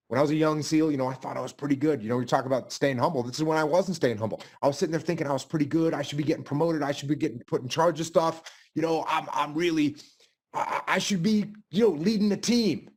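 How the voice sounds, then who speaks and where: Blunt man answering questions, high voice. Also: a little mellow. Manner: blunt, repeats phrases for emphasis. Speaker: guest speaker.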